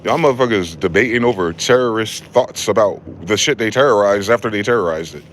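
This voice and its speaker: With a fairly low, brisk voice and a little hiss or hum behind it, a male vlogger launches into an angry, swearing, confrontational monologue that keeps returning to the same rhetorical questions.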